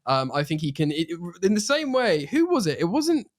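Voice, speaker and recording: A man from England chatting casually about football on a podcast, animated and quick to swear. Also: high-pitched, no room sound, studio quality. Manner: animated, swears freely, puts on playful accents. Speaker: podcast co-host.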